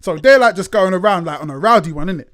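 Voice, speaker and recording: A chatty man, relaxed and quick to laugh, swears freely in casual podcast banter. His voice is slightly high, and the sound is close and dry. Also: no echo. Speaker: podcast co-host. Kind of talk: casual chat.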